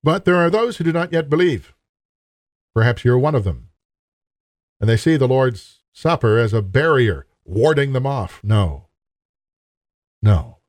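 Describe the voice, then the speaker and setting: A man's voice: mid-range voice, expressive, measured pace, pauses often, no echo. A man preaching a sermon in an earnest, emphatic way, appealing directly to his listeners.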